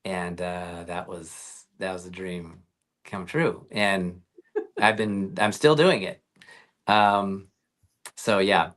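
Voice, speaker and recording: A man's voice: low voice, slow pace, fairly bright tone. A man talking as a guest actor in a casual interview, telling rambling stories with lots of fillers and restarts over a video call.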